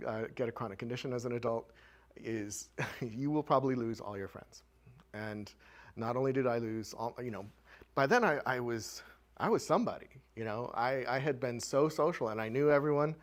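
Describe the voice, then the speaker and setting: Man, mid-pitched voice, candid personal story, conversational, filler-heavy, show-and-tell presenter. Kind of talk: personal story told to a live audience.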